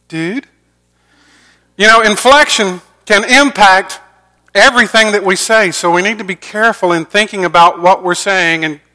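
A middle-aged pastor preaching a sermon earnestly, moving between loud emphasis and soft, quiet lines. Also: male voice, high-pitched.

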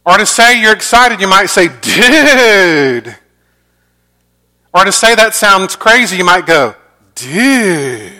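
A middle-aged pastor preaching a sermon earnestly, moving between loud emphasis and soft, quiet lines. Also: male voice, sits high, brisk, hardly any pauses.

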